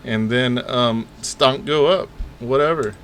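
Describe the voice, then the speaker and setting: A man's voice: mid-range voice, slow, a bit bright, slight background noise. A man giving casual, mocking commentary on news clips, laughing and rambling between them.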